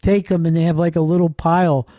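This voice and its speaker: A man adds wry, deadpan asides to casual talk-show banter. His voice sits a little higher than most men's, and the sound is dry and close. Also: fast talker, no echo. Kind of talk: casual comedic chat.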